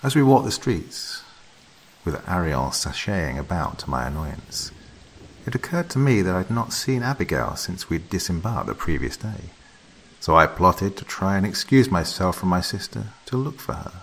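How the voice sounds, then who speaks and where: A man with a very deep, husky voice narrates a horror story. His delivery is measured and softly dramatic, in the manner of a scripted spooky tale. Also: low-quality recording.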